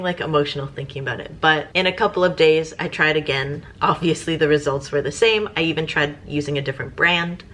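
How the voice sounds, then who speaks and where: Low-voiced woman vlogger chatting casually. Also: fairly bright tone, slight background noise. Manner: chatty, rambling with fillers. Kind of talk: casual chat.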